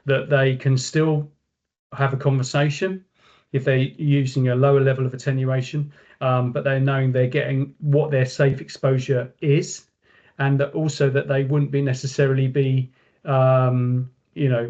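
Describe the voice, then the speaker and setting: A man's voice: medium pitch, darkish tone. Rambling man on a dull video call. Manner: rambling, many fillers and restarts, acts out quotes in raised voice. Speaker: company director, webinar guest speaker. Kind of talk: casual webinar talk.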